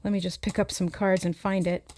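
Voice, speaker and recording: A woman giving a channeled tarot reading, earnest and reflective, pausing to relay the messages she hears. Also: mid-range voice, little pitch movement, darkish tone, slight background noise. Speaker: intuitive tarot reader.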